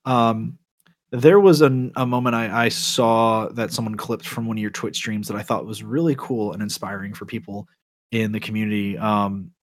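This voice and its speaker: A man hosting a podcast in casual chat, animated and swearing, with lots of fillers. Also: on the low side, moderate pace. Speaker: podcast host.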